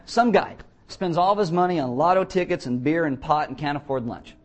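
A man's voice: a little high, normal speed, long pauses. A man preaching a sermon as pastor of a church, telling blunt stories with jokes. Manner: blunt, joking storyteller. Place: church, before a congregation.

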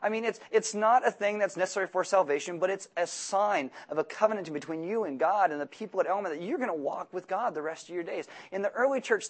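Guy pastor giving a sermon, bit high voice, acts out the bible people, jokey. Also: husky. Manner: animated, acts out voices of biblical figures.

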